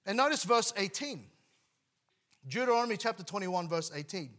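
A man's voice: sits high, animated, moderate pace, a bit bright. A man preaching a sermon to his congregation, emphatic, often restarting words and letting his voice drop at the end of phrases. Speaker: pastor.

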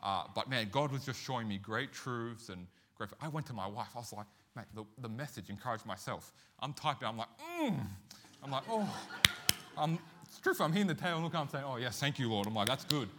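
A man in his thirties preaching, his voice bright and forceful. He tells the story with animated, self-mocking energy, acting out the lines of each person in it. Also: medium pitch, fairly quick. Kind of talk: sermon with storytelling.

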